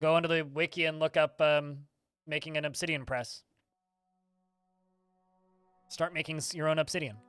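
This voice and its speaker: Streamer guy, bright and forceful, slightly high, chatty and quick, faint guitar music under him. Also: steady tone, smooth, no room sound. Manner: chatty, fast-talking, answers chat questions. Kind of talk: casual livestream chat answering viewers.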